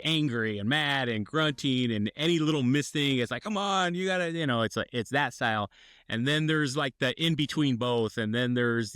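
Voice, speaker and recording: A man's voice: medium pitch, a bit bright, no room sound, studio quality. A man co-hosting a podcast, telling a long story in casual chat and acting out the quotes. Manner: rambling storyteller, acts out quotes. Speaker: podcast co-host.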